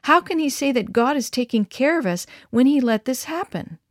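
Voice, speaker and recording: A woman's voice: high voice, animated, moderate pace, no echo, studio quality, pitched above the performer's own voice. A woman voicing an injured seventh-grade boy who speaks in an earnest, questioning way.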